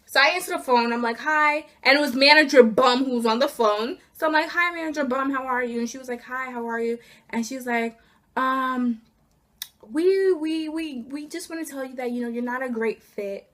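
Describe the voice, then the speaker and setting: A seventeen-year-old girl telling a storytime vlog about losing her job, in an animated, exasperated rant. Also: high voice, normal speed. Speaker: student vlogger.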